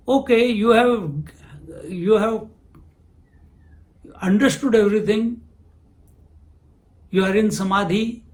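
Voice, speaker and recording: A man giving a spiritual discourse, unhurried, who asks questions and answers them himself. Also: sits high. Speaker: spiritual teacher.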